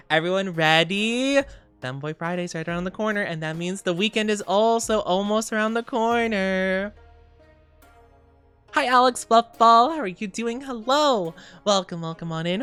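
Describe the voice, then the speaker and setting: A woman's voice: mid-range voice, a bit bright, smooth. A woman streamer chatting casually and playfully with her viewers, greeting them by name. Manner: playful sing-song asides. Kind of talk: casual livestream chat.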